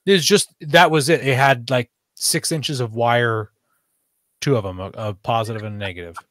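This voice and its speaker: A man's voice: mid-range voice, moderate pace, a bit bright, dry recording, studio quality. A man chatting casually on a podcast, rambling with fillers and restarts. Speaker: podcast host. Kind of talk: casual chat.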